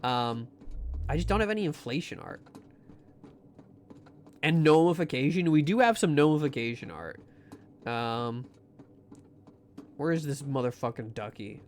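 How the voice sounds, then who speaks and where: Lively rambling male game streamer. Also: mid-range voice, measured pace, long pauses, slight background noise. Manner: rambling, jokey, lots of restarts and asides. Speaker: livestreamer playing a horror game. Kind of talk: casual gameplay commentary to chat.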